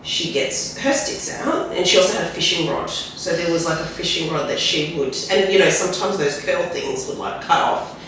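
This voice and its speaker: Woman, candid storyteller, rambling, halting, very echoey room, distant mic, faint noise. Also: fairly low pitch, expressive, fairly bright tone. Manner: rambling, tag questions like "right?"; halting, restarts when emotional. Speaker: podcast guest.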